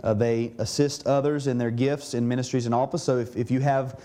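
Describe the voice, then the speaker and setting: A man's voice: mid-range voice, level tone, fairly quick, dark tone. Earnest man preaching a sermon. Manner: earnest, repeats words when restarting. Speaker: pastor. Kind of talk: sermon teaching.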